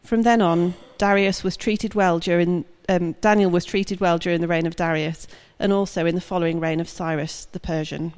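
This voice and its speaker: A woman reading a long scripture passage aloud at a steady, measured pace. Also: lowish voice, clean tone, in a large hall. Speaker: scripture reader.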